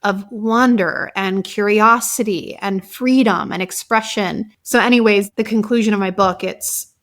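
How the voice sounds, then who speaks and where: A woman guest and author talking casually in an interview, telling stories in a lively way and filling her speech with "like". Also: medium pitch, unhurried. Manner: animated storytelling, many fillers like "like". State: emotional at times. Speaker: guest, author and somatic practitioner.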